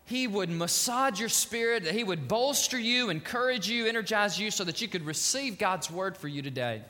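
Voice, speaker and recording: A man's voice: high-pitched, animated, normal speed, sharp tone, in a large hall. A man preaching a sermon as pastor, with a fervent and urgent delivery.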